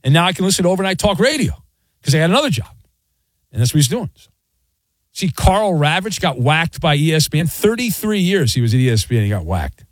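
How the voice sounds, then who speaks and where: Animated teasing radio host, man. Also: on the high side, fast talker, no echo. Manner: teasing, ribbing callers. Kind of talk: casual sports talk radio banter.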